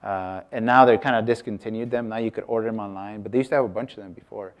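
A man's voice: fairly low pitch, fairly even intonation, fast talker, dull audio. A man giving a casual artist talk to an audience, chatty, breaking off mid-sentence and asking the room questions. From United States. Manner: chatty, self-interrupting, asks the audience questions.

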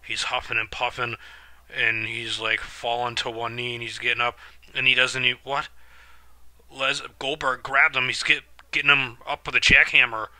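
A man hosting a reaction channel, giving excitable live commentary on a wrestling match and swearing when outraged. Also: mid-range voice, normal speed, no room sound.

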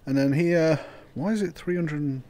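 A young man giving casual, sweary gameplay commentary, swinging into loud disbelief and laughter. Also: a little high, measured pace. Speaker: gaming YouTuber.

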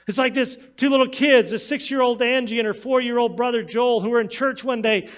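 A man pastor preaching a sermon, reading scripture and then telling stories to his congregation. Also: extremely high pitch. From United States. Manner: storytelling sermon, reads scripture then tells anecdotes.

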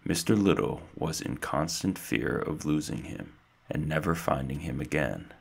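A man reading a children's chapter book aloud, with slow, steady storytelling. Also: a bass voice, vocal fry, husky. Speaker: narrator.

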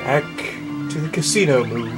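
Excitable swearing gamer mooing over music. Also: male voice, a little high, unhurried. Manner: shouting moo on a dare, swearing, excitable. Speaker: let's play gamer. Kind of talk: gameplay commentary. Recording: game music behind the voice.

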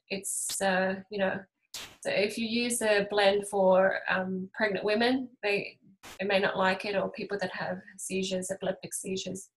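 A woman's voice: mid-range voice, poor audio. A woman in her thirties hosting a casual essential oils class, telling stories with lots of laughs and fillers. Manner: chatty, laughing storyteller, many fillers. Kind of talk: casual talk to a group.

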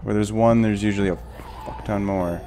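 A young man commenting on his gameplay, swearing and ranting in frustration between quieter muttering. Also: fairly low pitch, steady tone, fairly quick, a little hiss or hum. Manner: angry, swearing, frustrated outbursts. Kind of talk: let's play commentary.

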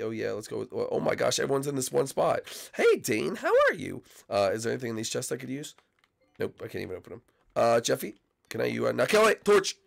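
Gravelly-voiced sick man narrating gameplay. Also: on the low side. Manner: excitable, rambling, shouts out to friends. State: sick, coughing. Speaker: YouTube gaming host. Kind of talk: Minecraft gameplay commentary.

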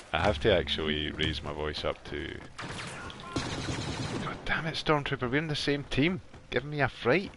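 A Scottish man chatting casually with viewers while streaming a game from his warm bedroom, laughing often. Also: medium pitch, moderate pace, noisy background. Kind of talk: casual live gameplay chat.

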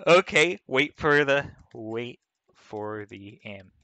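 A man's voice: mid-range voice, lively intonation, slow pace, bright, forceful tone, no echo. A man playing a text adventure game, reading the story aloud and laughing and swearing at it in casual commentary. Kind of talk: casual let's play commentary. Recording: clear background music.

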